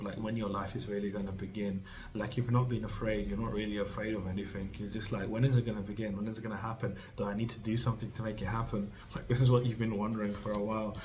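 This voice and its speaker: A man's voice: fairly low pitch, darkish tone, a little hiss or hum, rough recording. A man giving a tarot reading to camera, rambling and reassuring, speaking straight to the listener with many fillers and restarts. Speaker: tarot reader.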